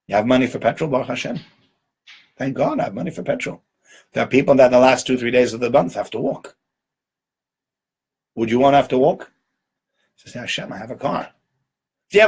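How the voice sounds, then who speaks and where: A man giving an informal Torah lecture in a conversational way, often checking in with "right?" and doubling words for emphasis. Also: a little high. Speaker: rabbi giving a Torah talk.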